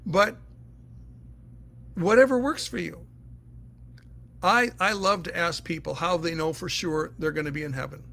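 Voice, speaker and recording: Earnest man with a high, gravelly voice. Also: measured pace, pauses often, pushed and bright, slight background noise. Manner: earnest, plain-spoken, explains step by step. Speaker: Bible teacher answering listener questions. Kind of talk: casual spoken teaching.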